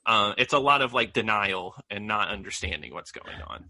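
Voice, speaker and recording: Man, podcast co-host, very bright voice, dry close sound, casual movie chat, laughs a lot. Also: fairly low pitch, expressive, moderate pace, dry recording. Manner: loose and chatty, laughing often, many "like"s.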